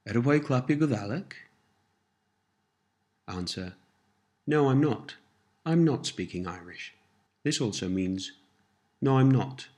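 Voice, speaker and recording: A man giving an audio language lesson, prompting phrases and explaining pronunciation in a deliberate instructional manner. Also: mid-range voice, expressive, a little mellow. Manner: slow, deliberate instructional delivery with repeated prompts. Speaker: language teacher.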